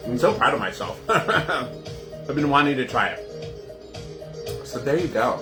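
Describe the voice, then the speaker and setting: A man's voice: a little high, huge pitch swings, unhurried, long pauses, roomy sound, over music. A man hosting a casual live cocktail show from his kitchen, chatty and gushing as he greets viewers. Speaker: host of a home cocktail livestream.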